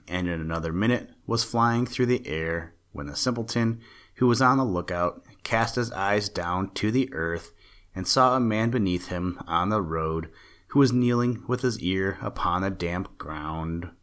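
A man narrating a fairy tale aloud in a steady, measured reading. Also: deep voice. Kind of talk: storybook narration.

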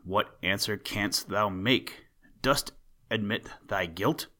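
A man's voice: fairly low pitch, takes it slowly, pushed and bright. A man reading the lines of a stern, solemn king in a storybook tale. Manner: stern, formal questioning.

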